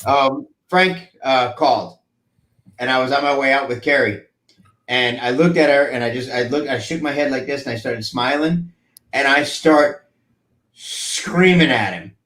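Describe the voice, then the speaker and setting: A man on a casual podcast telling a relaxed, chuckling anecdote. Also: mid-range voice, measured pace, roomy sound, poor audio. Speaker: podcast co-host. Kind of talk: casual storytelling.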